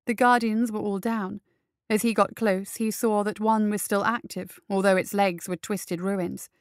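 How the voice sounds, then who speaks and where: A woman narrating an action story in a steady, measured reading. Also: medium pitch, clean tone, no room sound, studio quality.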